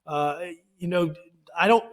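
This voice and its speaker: A man talks in a casual podcast chat, his voice sitting a little high. He tells stories loosely and with plenty of filler, jumping into acted-out quotes in raised voices. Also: measured pace. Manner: animated storyteller, acts out quotes in raised voices. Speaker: podcast co-host.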